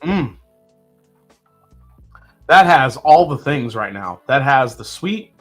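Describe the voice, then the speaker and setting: A man's voice: medium pitch, takes it slowly, faint music behind. A man hosting a live whiskey tasting, chatting casually and reading out viewer comments. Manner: relaxed, chatty, with fillers and sips. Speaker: whiskey livestream host.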